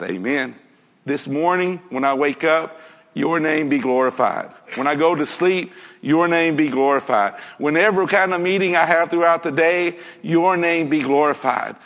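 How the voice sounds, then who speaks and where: A man's voice: a little high, measured pace, fairly bright tone, big-room sound. A man preaching a sermon in an earnest way, putting many rhetorical questions to his listeners.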